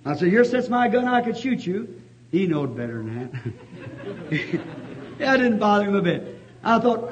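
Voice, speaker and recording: A man preaching a sermon, telling a folksy story that rises to fervent shouting. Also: sits high, very animated, moderate pace. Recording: dull lo-fi old recording.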